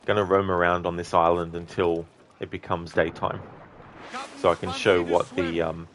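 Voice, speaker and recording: A man with a deep, low-pitched voice talks through a live gameplay stream. He chats easily with viewers, reads their messages and thanks them, often pausing on an um or correcting himself partway through a sentence. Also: little pitch movement, a bit bright, slight background noise. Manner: frequent ums and self-corrections. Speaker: livestreamer. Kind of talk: casual live game-stream commentary.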